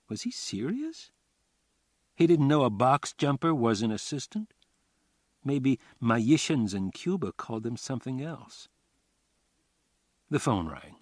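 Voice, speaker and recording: A man reading a crime novel aloud as an audiobook narrator, in a wry, even storytelling manner. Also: mid-range voice, no room sound, studio quality. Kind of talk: scripted narration.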